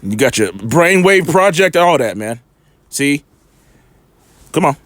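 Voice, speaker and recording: Emphatic preaching man, lively high voice. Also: takes it slowly, no room sound. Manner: emphatic, fires rhetorical questions at listeners. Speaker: online Bible commentator. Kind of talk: preaching-style video commentary.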